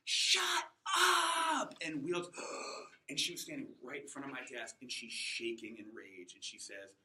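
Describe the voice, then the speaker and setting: A man's voice: medium pitch, lively intonation, fairly quick, bright, forceful tone, roomy sound, poor audio. A man in his forties telling comic stories about himself to a classroom, wry and self-mocking. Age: 40s. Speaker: adult student giving a class speech. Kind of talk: comic personal storytelling.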